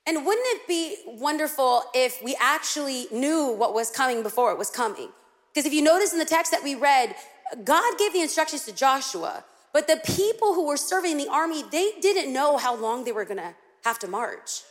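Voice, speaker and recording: A woman preaching a sermon in a church, animated, playful and emphatic. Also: high voice, normal speed, in a large hall. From United States. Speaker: guest preacher. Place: church sanctuary.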